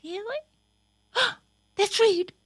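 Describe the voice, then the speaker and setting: A woman voicing a small eager childlike sidekick who asks quick, curious questions. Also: very high-pitched, fairly bright tone, dry recording, clean studio sound, voice pushed up, heavily acted.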